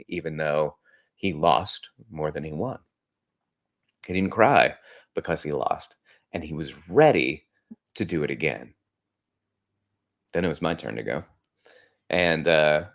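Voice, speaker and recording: Earnest man hosting a podcast. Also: on the low side. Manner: earnest, conversational, animated when quoting. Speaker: podcast host. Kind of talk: reflective storytelling monologue.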